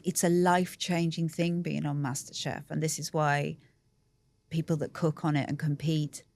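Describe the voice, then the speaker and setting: Low-voiced woman, chatty and candid. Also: vocal fry, a little mellow, dry recording. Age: middle-aged. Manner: chatty, self-deprecating, emotional. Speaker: guest. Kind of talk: candid podcast conversation.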